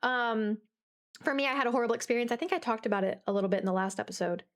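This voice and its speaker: A woman's voice: fairly high pitch, rapid-fire. A young woman co-hosting a podcast, telling a story in a bubbly, giggly, rambling way. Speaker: podcast co-host. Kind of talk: casual chat, animated storytelling.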